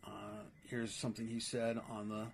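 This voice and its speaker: A man hosting a podcast, reading his own essays aloud with spoken asides, in a measured, pointed critical tone. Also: lowish voice, flat delivery, creaky, slight background noise.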